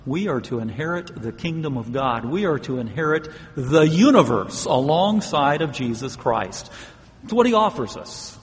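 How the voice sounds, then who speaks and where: A man preaching a sermon in an earnest, emphatic way, leaning hard on the words he wants to stress. His voice sits a little higher than most men's, and a long reverb trails behind it as if he is in a large hall. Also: sing-song, normal speed. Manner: earnest, emphatic, with occasional laughs.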